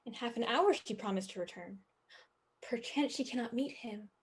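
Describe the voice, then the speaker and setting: A woman's voice: a little high, moderate pace, husky. A woman playing an eager, impatient young girl in a video-call staged reading.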